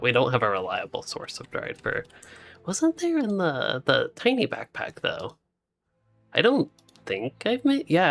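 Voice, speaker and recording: This gaming streamer has a mid-range voice with vocal fry. He's sleepy and keeps yawning while playing a co-op survival game late at night, rambling casually between tasks and laughing a lot.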